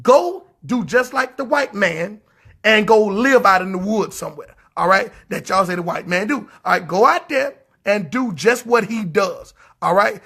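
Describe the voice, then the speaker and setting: Gravelly, fiery preacher man. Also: sits high, expressive, pushed and bright. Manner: fiery, repetitive, scolding, drawn-out emphasis. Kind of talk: livestreamed sermon.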